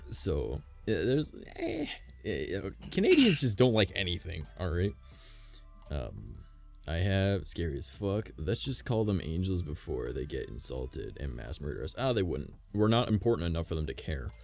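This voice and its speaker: A man's voice: low voice, wildly swooping pitch, moderate pace, vocal fry, a little mellow, faint music behind. A man streaming live from home, chatting loosely with his chat, rambling through wild theories and swearing freely. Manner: rambling, swears a lot, speculative. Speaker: livestreamer.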